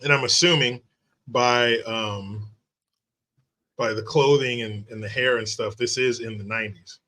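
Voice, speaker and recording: A man's voice: mid-range voice, steady tone, measured pace, pushed and bright. A man hosting a casual interview, asking enthusiastic, affirming questions. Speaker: host.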